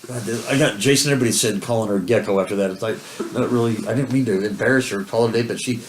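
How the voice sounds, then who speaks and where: A man's voice: fairly low pitch, fast. A man telling rambling stories in casual chat and swearing constantly as co-host. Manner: rambling storytelling, heavy swearing. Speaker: co-host of a couple's video talk. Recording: roomy echo with faint hiss.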